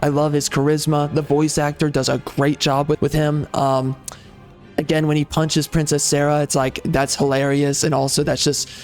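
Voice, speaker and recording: A man's voice: a little high, little pitch movement, moderate pace, darkish tone, faint music behind. A man hosting a gaming channel, giving opinionated commentary in a rambling, emphatic way with many fillers and restarts.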